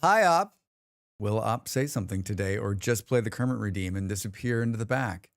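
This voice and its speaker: Lively chatty American man streamer. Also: on the low side, a little fast, creaky, no room sound. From United States. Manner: rambling, chatty, reads chat aloud. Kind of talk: casual live-stream chat.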